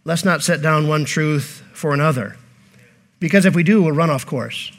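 A man's voice: fairly high pitch, moderate pace. A pastor preaching a sermon, earnest and repeating key phrases, posing rhetorical questions to his congregation.

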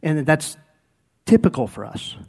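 A man's voice: fairly high pitch, unhurried, vocal fry, slightly rough. A middle-aged male pastor preaching a sermon, telling personal stories and acting out what people said. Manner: animated storytelling, acts out quoted speech.

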